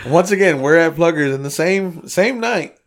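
Speaking unhurriedly in a fairly high pitch, this man tells a story during casual podcast conversation. As co-host, he's profane and animated, voicing the quotes of the people involved.

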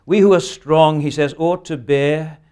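Earnest man preaching, slightly high voice. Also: steady tone, measured pace, dark tone, clean tone. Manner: earnest, emphatic preaching with rhetorical questions. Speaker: pastor. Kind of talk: sermon.

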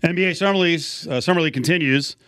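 A man's voice: fairly high pitch, racing, fairly bright tone, no room sound. A middle-aged man hosting a sports talk radio show, who reads promos and teases his co-host with wry questions. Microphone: studio microphone. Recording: dry studio sound.

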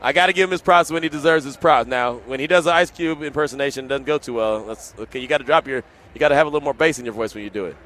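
A man's voice: medium pitch, very fast, a bit bright, a little hiss or hum. A man hosting live sports radio outdoors at a stadium, upbeat and full of hype, repeating phrases. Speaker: radio host.

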